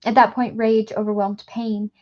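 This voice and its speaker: Brief: woman reader, fairly high voice, steady novel narration, muffled lo-fi recording. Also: normal speed. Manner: steady storytelling with occasional slips. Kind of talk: reading a novel aloud.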